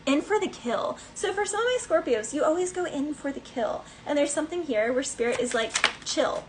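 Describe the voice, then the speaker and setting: A woman's voice: sits high, expressive, fairly quick, noisy background. A woman giving a casual collective tarot reading, chatty and rambling, with many fillers and snatches of song. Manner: breaks into bits of song. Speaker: tarot reader.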